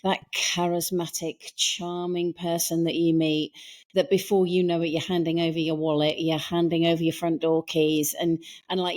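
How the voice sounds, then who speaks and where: A woman hosting a casual conversation, animated and playful with her analogies. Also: lowish voice, normal speed. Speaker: podcast host.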